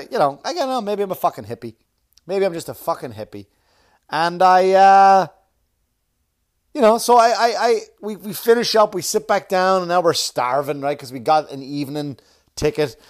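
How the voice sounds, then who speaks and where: New guy, kinda high voice, swearing and rambling thru a funny story about himself, podcast comic vibe. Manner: profane, self-mocking, rambling. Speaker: comedian podcast host. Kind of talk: casual storytelling monologue.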